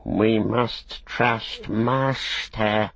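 A man voicing a wretched, sly male creature who hisses and wheedles in halting phrases, for an audiobook. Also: mid-range voice, wildly swooping pitch, gravelly, husky, dry recording, voice pushed up, full character voice. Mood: suspicious. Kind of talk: audiobook character voice. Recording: dull, muffled recording.

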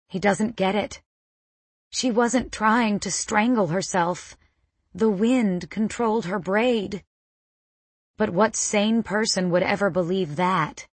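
A woman's voice: mid-range voice, breathy edge, no room sound. A woman narrating a first-person audiobook with tense, dramatic storytelling.

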